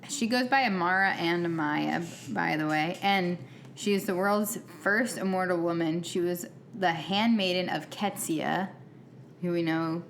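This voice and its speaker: A woman's voice: on the low side, unhurried, slight background noise. A woman co-hosting a podcast as an enthusiastic superfan, explaining show lore and laughing often in casual chat. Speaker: podcast co-host.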